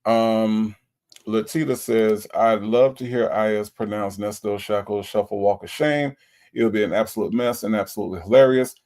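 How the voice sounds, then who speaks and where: A man's voice: lowish voice, fairly even intonation, normal speed, a little mellow. A laid-back man from Florida, hosting a casual livestream chat and reading out viewer comments. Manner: laid-back, chatty, repeats himself, playful. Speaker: livestream host.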